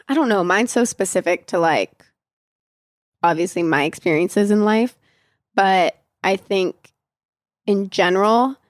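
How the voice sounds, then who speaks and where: A woman's voice: medium pitch, no echo, clean studio sound. Nasal young woman, chatty Q&A. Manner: chatty, frank, swears casually. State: sick, nasal. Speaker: podcast host. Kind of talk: casual Q&A chat.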